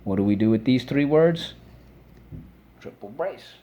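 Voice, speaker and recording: A man teaching a phonics lesson for children, patient and encouraging, saying words aloud and pausing for the class to repeat them. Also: mid-range voice, lively intonation, muffled recording. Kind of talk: phonics lesson with call-and-response drills.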